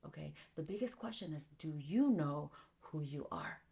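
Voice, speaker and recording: A woman with a slightly low voice speaks straight to her listener in a motivational self-help talk. She is emphatic, repeats her key phrases and keeps checking in with "okay" and "right.". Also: animated, moderate pace, vocal fry, warm tone.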